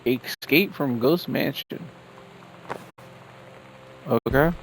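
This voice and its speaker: A man's voice: mid-range voice, drawn-out words, gravelly, a little hiss or hum, rough recording. A man streaming a game live, reading in-game letters and notes aloud and reacting offhandedly between them. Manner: reads documents aloud, then reacts offhandedly.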